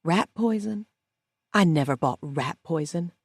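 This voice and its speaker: A woman's voice: fairly low pitch, lively intonation, unhurried, breathy edge, no echo, full character voice. Woman doing an angry young prisoner, raised voice, dry audiobook sound. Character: furious young woman jailed for life.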